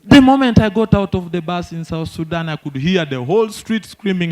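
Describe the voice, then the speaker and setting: High-voiced Ugandan comedian telling stories. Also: male voice. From northern Uganda. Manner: animated, quick storytelling with crowd asides. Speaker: stand-up comedian. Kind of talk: stand-up comedy storytelling.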